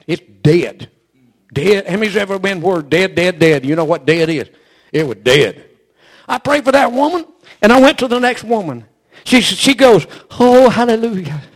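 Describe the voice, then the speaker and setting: A man preaching a storytelling sermon, folksy and emphatic, repeating his phrases and adding "amen.". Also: sits high.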